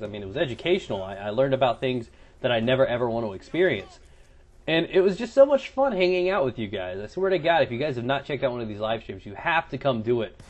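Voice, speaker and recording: A man's voice: a little high, very animated, fairly quick. Crude, rambling young gaming commentator, man. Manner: crude, joking and rambling, swears a lot. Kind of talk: casual gameplay commentary, story time.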